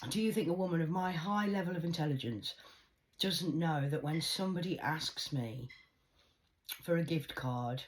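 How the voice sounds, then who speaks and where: A woman speaking intensely and emphatically to her viewers, swinging between loud outbursts and hushed asides. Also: sits low, normal speed, rough recording. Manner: confiding, addresses viewers directly. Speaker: vlogger. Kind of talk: emotional personal monologue to camera.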